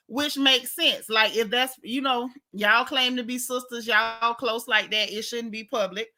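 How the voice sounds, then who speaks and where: A woman, hosting a casual gossip recap of a reality show, sassy and animated, reading chat comments aloud. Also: on the high side, measured pace, few pauses.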